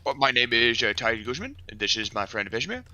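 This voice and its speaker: Bright-voiced player in courtly character. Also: male voice, medium pitch, very animated, fairly quick. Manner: courtly, theatrical in-character talk. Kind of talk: playing a character in a tabletop game.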